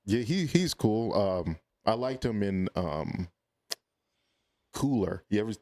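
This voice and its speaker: A man guest on a podcast, chatting casually and telling animated stories that often quote his own reactions. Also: lowish voice, slow pace. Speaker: podcast guest, content creator. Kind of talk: casual chat.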